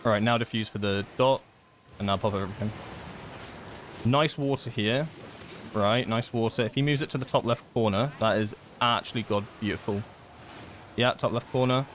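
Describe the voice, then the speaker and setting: A man giving live gameplay commentary, thinking aloud and excitedly pleading with his teammates. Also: fairly low pitch, moderate pace, pauses often, a little hiss or hum. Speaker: gaming content creator.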